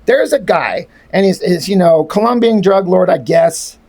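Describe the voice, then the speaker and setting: A man's voice: high-pitched, animated, moderate pace, gravelly, a little mellow. A man reading through a comic aloud and mocking it with sarcastic, rambling, profane asides. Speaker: comic reviewer.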